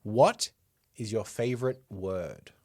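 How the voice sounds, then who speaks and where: A man's voice: lowish voice, takes it slowly, darkish tone. A man co-hosting a podcast in casual chat, posing questions and teasing his co-host. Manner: teasing, sets up questions, repeats "yeah".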